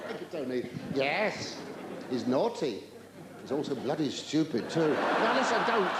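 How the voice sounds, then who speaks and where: An older man doing live stand-up comedy in a large theatre, camp and rambling, with drawn-out exclamations and stammering asides. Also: on the high side, very animated, a loud crowd. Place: large theatre stage with an audience. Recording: roomy live theatre recording with audience noise.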